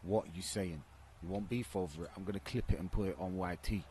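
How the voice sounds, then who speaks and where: A man's voice: sits low, a little fast, warm tone, a little hiss or hum. A man, streaming a football game and cursing at his teammates in frustrated trash talk. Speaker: gaming streamer. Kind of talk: live gameplay commentary.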